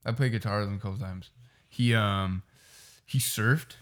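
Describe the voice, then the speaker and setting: A man's voice: on the low side, normal speed. A young man co-hosting a podcast in a casual, slangy chat, swearing freely.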